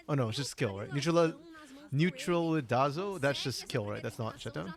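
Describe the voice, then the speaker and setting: Mid pitched caster, voice jumps all over, excitable play-by-play, not from the us. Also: moderate pace, gravelly, a crowd in the background. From outside the United States. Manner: excitable, reacts out loud to the plays. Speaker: esports caster. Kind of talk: live esports play-by-play and casual chat.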